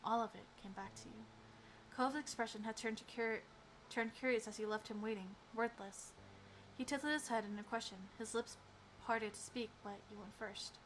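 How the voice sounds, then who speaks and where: A woman streamer reading a visual novel aloud and reacting excitedly between calm narration. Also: fairly high pitch, moderate pace, a little hiss or hum.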